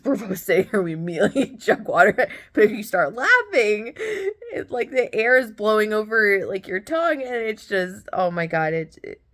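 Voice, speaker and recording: A young woman telling a story in a casual, gushing way, laughing often as she talks. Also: on the low side. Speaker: podcast host.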